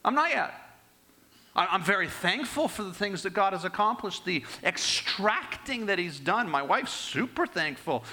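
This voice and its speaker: An older man preaching a sermon and telling personal stories, swinging between raised and hushed delivery. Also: sits high, lively intonation, moderate pace.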